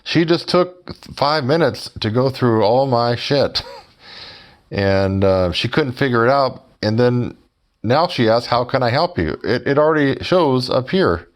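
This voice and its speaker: Speaking in an unhurried, mid-range voice, a male YouTuber tells his viewers a story with sarcasm and mockery, addressing them directly as folks.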